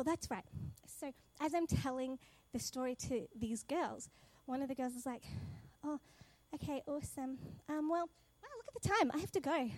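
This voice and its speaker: A woman telling a faith testimony in a lively way, acting out the dialogue and often laughing. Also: high voice, dry recording. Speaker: speaker sharing a testimony. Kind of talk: animated personal testimony.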